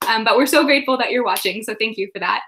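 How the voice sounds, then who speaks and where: A woman's voice: a little high, fast, a bit bright, slight background noise. A young woman hosting a casual book chat livestream, chatty and laughing, with many fillers. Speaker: livestream host.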